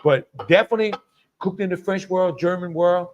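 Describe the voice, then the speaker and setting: A man's voice: high voice, a little fast, muffled recording. A middle-aged man hosts a live cooking stream in a chatty way, greeting viewers by name and laughing often. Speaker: cooking show host.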